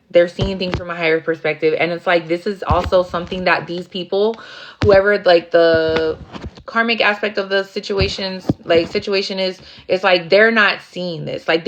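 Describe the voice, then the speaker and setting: A woman with a low voice talks through a tarot reading in a loose, rambling way, leaning on fillers and dropping curse words. The recording sounds dull and lo-fi, with a faint hiss underneath. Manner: rambling, heavy on fillers, swears freely. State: near tears at times. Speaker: tarot reader. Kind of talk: casual tarot reading monologue.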